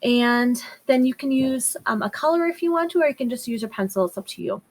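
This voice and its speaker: A woman teaching first graders a phonics lesson, slowly and patiently sounding out each word. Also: a little high, lively intonation, poor audio. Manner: sounds out words slowly and clearly. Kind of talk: slow, patient phonics lesson for young children.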